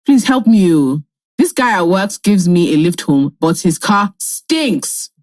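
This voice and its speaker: A woman's voice: lowish voice, measured pace, no room sound. A Nigerian woman with a Nigerian accent, a podcast co-host reading listener letters and telling stories. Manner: lively storyteller.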